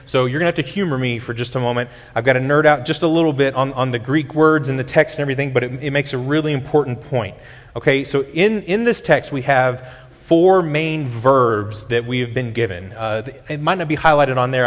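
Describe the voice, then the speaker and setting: A male pastor, preaching a sermon in a conversational teaching way, often restarting his sentences. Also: mid-range voice. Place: church sanctuary. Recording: long hall reverb.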